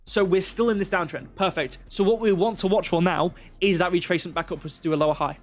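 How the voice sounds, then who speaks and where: A man's voice: high voice, fast talker, faint music behind. Rambling male crypto livestream host. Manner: rambling, digressive, self-deprecating asides; talks through charts step by step. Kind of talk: live chart analysis stream.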